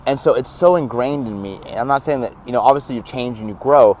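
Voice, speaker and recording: A young man telling stories as a podcast guest, animated and laughing often, acting out what others said. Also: mid-range voice, fast, slight background noise. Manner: animated, laughs often, acts out quoted dialogue. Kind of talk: casual storytelling.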